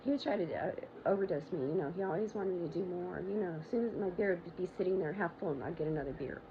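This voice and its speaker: Woman rambling thru a personal story, blunt, swears a lot, gravelly voice, muffled low-fi sound. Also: fast. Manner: rambling, blunt and profane, many fillers. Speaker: show host. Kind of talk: candid personal monologue. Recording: muffled low-volume recording with loud background noise.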